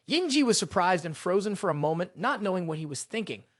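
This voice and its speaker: A narrator reading a scripted story recap in a brisk, expressive way. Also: medium pitch, no echo, clean studio sound.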